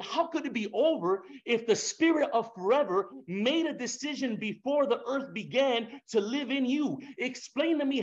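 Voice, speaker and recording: A man with a high voice preaches a fervent sermon. He swings from hushed lines to loud bursts, peppers the congregation with rhetorical questions and slips into casual slang. The recording sounds dull and lo-fi.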